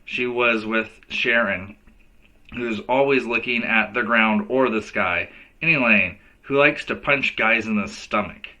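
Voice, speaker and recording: A man's voice: lowish voice, measured pace, rough recording. A male teacher reading a children's novel aloud to kids, giving each character a voice. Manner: lively storyteller who voices each character.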